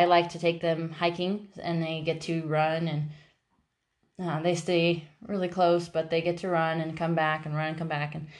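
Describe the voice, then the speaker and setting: A woman chatting casually about her dogs, rambling with many restarts, laughing often and jumping high into playful quoted voices. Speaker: dog owner.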